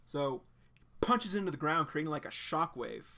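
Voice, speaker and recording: A man hosting a casual live reaction to a webcomic, excitable and rambling, full of filler words as he describes the panels. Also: on the high side, moderate pace, creaky.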